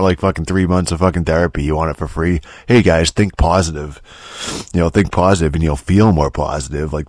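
A grumpy man in his thirties hosting a show, ranting with constant swearing and halting restarts. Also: deep voice, a little mellow, no room sound, studio quality. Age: 30s. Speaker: podcast host. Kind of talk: profane rant monologue.

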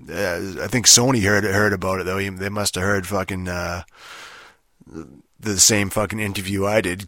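Male podcast host, low monotone, forceful edge, profane rambling rant. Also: no echo, clean studio sound. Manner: profane, rambling, full of fillers. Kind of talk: casual solo podcast rant.

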